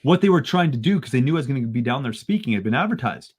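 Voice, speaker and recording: A man from Canada, a podcast guest, telling a story in an animated way that rises into excited bursts. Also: medium pitch, rapid-fire, husky.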